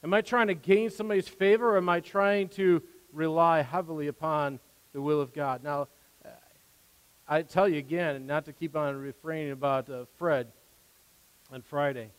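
A man's voice: on the high side, steady tone, moderate pace, clean tone. A man preaching a sermon from the pulpit as pastor, earnest and conversational, with rising emphasis and asides. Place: church sanctuary. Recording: long hall reverb.

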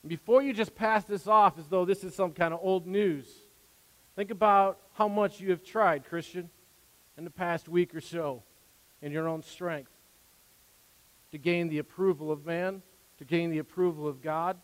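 This pastor has a high-pitched, steady voice and moves at a moderate pace through his sermon. Earnest and conversational from the pulpit, he uses rising emphasis and asides, and the church sanctuary gives the recording a long hall reverb.

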